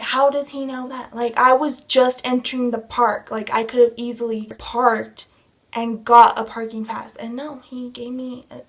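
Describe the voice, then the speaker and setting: Young woman vlogger, high voice, mad and cussing thru a storytime rant. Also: normal speed. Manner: heated, profane, animated storytelling.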